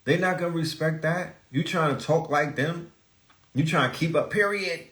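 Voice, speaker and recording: A man's voice: on the high side, normal speed, a bit bright, reverberant, slight background noise. A man hosting a live stream, ranting in a preachy, profane way and asking rhetorical questions. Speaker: podcast host.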